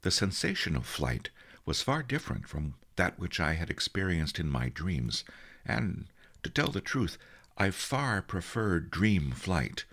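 Man narrating an audiobook, very deep voice, gravelly, slow, lively pitch. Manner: measured storytelling delivery. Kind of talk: scripted narration.

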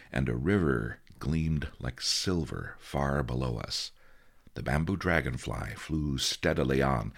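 A man narrating a story in a measured, storytelling way. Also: a bass voice, a bit bright. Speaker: audiobook narrator. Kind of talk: scripted narration.

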